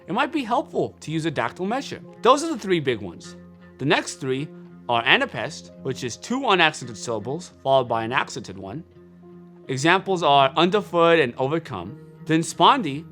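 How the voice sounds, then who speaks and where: Young male filmmaker, scripted explainer read, animated pitch, faint music bed. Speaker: filmmaker sharing screenwriting tips.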